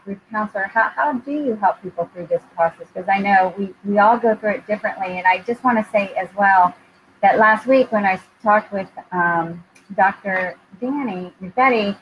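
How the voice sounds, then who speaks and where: A woman hosts a live chat, open and heartfelt, often pausing to find her words. The sound is a little dull and lo-fi, with a faint hiss underneath. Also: medium pitch. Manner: candid and heartfelt, with frequent ums. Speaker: host.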